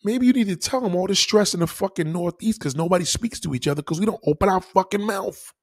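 A man's voice: high voice, fast talker. A man with a New York accent delivering a heated, profane, preachy rant.

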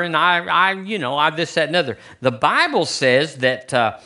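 A man's voice: on the high side, lively intonation, moderate pace, bright, forceful tone. A man preaching a conversational sermon in a church, asking the congregation rhetorical questions. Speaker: pastor. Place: church sanctuary.

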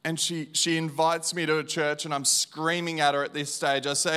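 A man preaching an evangelistic sermon and sharing his testimony, repeating phrases slowly and emphatically, swinging between hushed and loud. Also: fairly high pitch, level tone, smooth.

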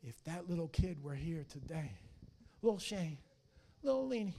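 Gravelly high-voiced preaching man. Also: normal speed. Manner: animated preaching, swings from hushed to shouting. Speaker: pastor. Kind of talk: fiery sermon.

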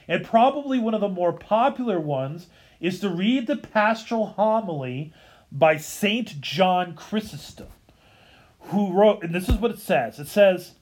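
A man with a notably high voice teaches about church worship in an earnest, informal way. He speaks slowly, stopping to restart and correct himself as he goes. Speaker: pastor explaining Easter liturgy. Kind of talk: informal teaching talk, reading a homily aloud.

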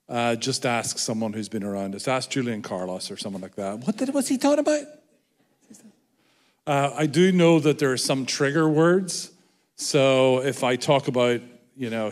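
A man from Ireland with an Irish accent, preaching a sermon as a guest speaker in a chatty, self-deprecating, joking way. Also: mid-range voice. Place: large church hall. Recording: long hall reverb.

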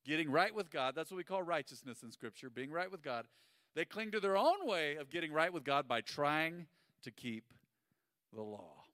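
A man preaching a sermon as pastor, telling stories animatedly and swinging between loud and hushed. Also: on the high side, expressive, moderate pace, dry recording, clean studio sound, big-room sound.

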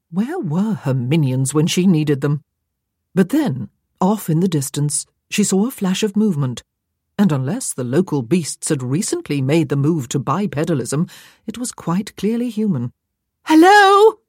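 A woman narrating an audiobook with an expressive, wry storytelling manner. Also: fairly low pitch, slightly rough, no echo, clean studio sound.

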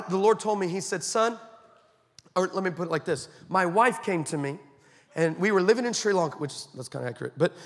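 A man preaching a sermon, telling stories with humorous asides and animated delivery. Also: high voice. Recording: long hall reverb.

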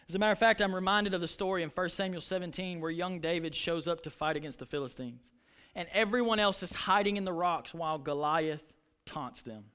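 A man's voice: sits high, fairly quick, fairly bright tone, clear, resonant tone. A man preaching a sermon as pastor, telling stories and acting out lines with passion. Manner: impassioned preaching, retelling stories with voices.

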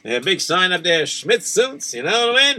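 A man plays a bragging shopkeeper who talks up his business, pitched a little higher than plain speech, with a bright, forceful tone. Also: sing-song, moderate pace, exaggerated voice. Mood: boastful. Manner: boastful, eager to please. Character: boastful male suit-store businessman.

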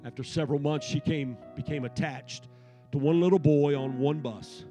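A man preaching a sermon in church, swinging from hushed tones to shouting. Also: fairly high pitch, steady tone, moderate pace. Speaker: pastor. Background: soft piano keys.

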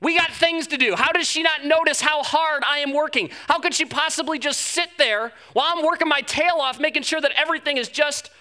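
Frazzled whiny hostess put on by a male preacher, high and bright, exasperated. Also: fairly quick, few pauses, exaggerated voice. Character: frazzled, complaining woman host.

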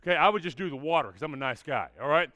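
A man with a fairly high voice and a drawl tells a story to young listeners as their preacher. He talks with bouncing energy and keeps asking "all right?" as he goes. The sound is dry and close, with no room echo. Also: animated, very fast, bright, forceful tone. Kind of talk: storytelling talk to a youth group.

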